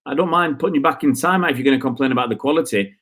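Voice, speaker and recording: A man's voice: mid-range voice, very fast, fairly bright tone, breathy edge. A man hosting a live football stream, ranting in frustration and answering viewer comments with rhetorical questions. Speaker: football channel host.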